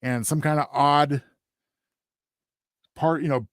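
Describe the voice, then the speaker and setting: A man co-hosting a casual review podcast, explaining his points in a relaxed way. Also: on the high side, slow pace, no echo, studio quality. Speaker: podcast co-host.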